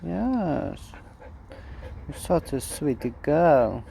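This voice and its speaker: Man, baby talk to his dog, soft and cooing, mellow, gravelly. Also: on the high side, very animated, very slow, a little hiss or hum. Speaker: dog owner.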